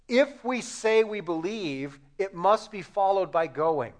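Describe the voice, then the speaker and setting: A man preaching a sermon as a pastor, animated and rhetorical, acting out short dialogues. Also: high voice, takes it slowly.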